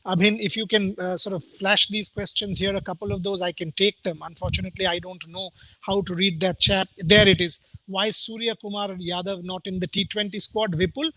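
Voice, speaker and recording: A man hosting a live sports talk show, animated and firing off rhetorical questions. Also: high-pitched, brisk, no room sound, rough recording. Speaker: show host.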